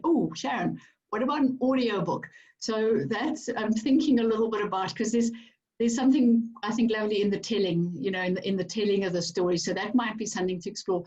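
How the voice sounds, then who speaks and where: Soft-spoken South African woman author. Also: medium pitch. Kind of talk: reflective conversation. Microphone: video call. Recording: distant dull video-call audio.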